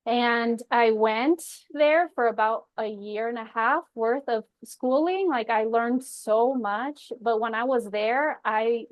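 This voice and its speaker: A young woman hosting a webinar, telling her personal story in a chatty, animated way. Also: fairly high pitch, slow, no room sound, muffled recording. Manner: chatty and animated, acts out quoted voices. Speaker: intuitive healer hosting a webinar.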